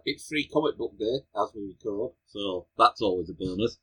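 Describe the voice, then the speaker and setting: A man co-hosts a casual podcast and drops wry, mock-old-fashioned phrases into the banter. His voice is bright and forceful with a raspy edge. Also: fairly low pitch, lively intonation, normal speed, poor audio. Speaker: podcast co-host.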